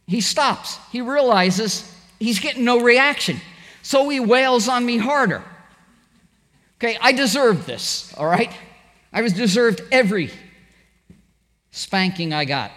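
A man's voice: extremely high pitch, lively intonation, a little slow, long pauses, a bit bright, big-room sound. A middle-aged man preaching a sermon, telling stories animatedly and acting out the quoted voices. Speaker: pastor.

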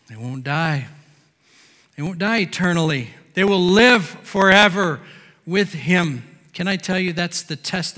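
A man preaching a sermon from a podium, emphatic, swinging between near-shouts and low, quiet lines. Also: long reverb tail. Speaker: pastor. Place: church sanctuary.

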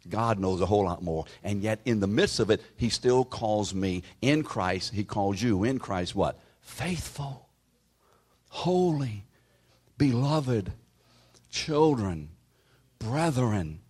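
A man preaching a sermon in a conversational way, calling out listeners by name and dropping to a hushed whisper for emphasis. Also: on the low side, lively intonation, takes it slowly, slightly rough. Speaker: pastor.

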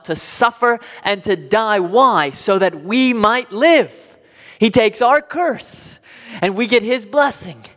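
A man preaching a sermon as pastor, swinging between loud emphatic declarations and quiet hushed passages. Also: sits high. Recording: long hall reverb.

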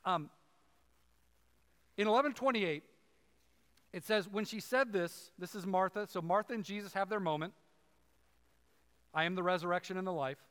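A man's voice: sits high, moderate pace, pauses often, a bit bright. A man preaching a sermon, conversational and chatty, with frequent asides to the congregation. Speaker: pastor. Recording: long hall reverb.

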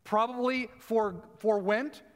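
High-voiced preacher in a reverberant hall. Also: male voice, clean tone. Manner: teaching, emphatic with slow stressed phrases. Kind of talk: sermon.

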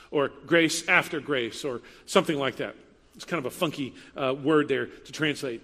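A man's voice: mid-range voice, moderate pace, a bit bright, big-room sound. A man giving a sermon as a pastor, speaking in a conversational style with emphatic repetition.

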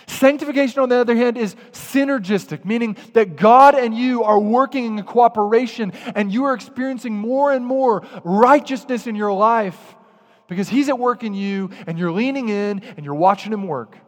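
A man preaching a sermon as pastor, lively and direct, sometimes acting out muttered grumbling. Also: very high voice, moderate pace, in a large hall. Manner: animated, acts out grumbling voices.

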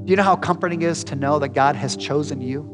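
Pastor guy preaching, chatty and direct, voice on the high side, long church echo. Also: fast talker, over music. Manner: conversational, direct, emphatic. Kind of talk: sermon. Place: church sanctuary.

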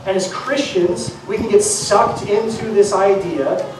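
Pastor, mid-pitched, earnest sermon delivery with repeated phrases, caught from a distant mic in a noisy, reverberant hall. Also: a little slow. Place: church sanctuary.

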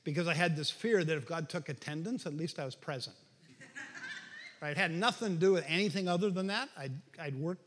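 A middle-aged male pastor giving a conversational sermon that rises to bursts of shouting for emphasis. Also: a little high, a little fast, a little hiss or hum. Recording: reverberant hall.

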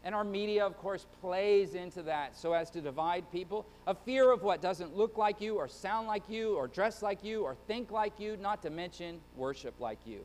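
A man's voice: high-pitched, moderate pace, hardly any pauses, darkish tone, long reverb tail, a little hiss or hum. A male pastor preaching an earnest Sunday-morning sermon to his church, often stumbling and repeating words.

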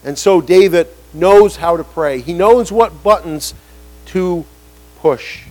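A man whose voice runs high for a man preaches slowly and animatedly, his tone a little mellow. He acts out quoted voices and raises key lines upward for emphasis. The recording quality is poor.

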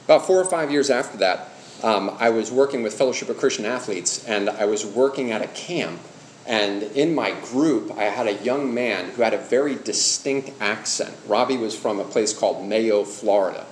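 A man's voice: on the low side, normal speed. A middle-aged male pastor teaching a church class on evangelism in a conversational way, asking the room questions and telling personal stories. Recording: roomy hall with faint background hum.

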